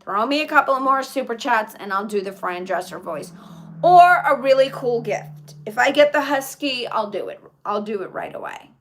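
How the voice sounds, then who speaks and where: A woman's voice: mid-range voice, expressive, a little fast, few pauses, a bit bright, a little hiss or hum. A woman live streaming in casual chat, reading viewer comments aloud and answering them in a chatty way.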